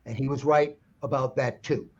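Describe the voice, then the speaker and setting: A male guest songwriter in a casual political chat, emphatic and opinionated, with halting fillers. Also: medium pitch, steady tone. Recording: dull lo-fi line.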